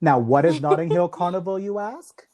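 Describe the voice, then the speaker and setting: A woman's voice: lowish voice, normal speed, crowd noise. A woman co-hosting a podcast in casual chat, bubbly and playful, laughing often. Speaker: podcast co-host.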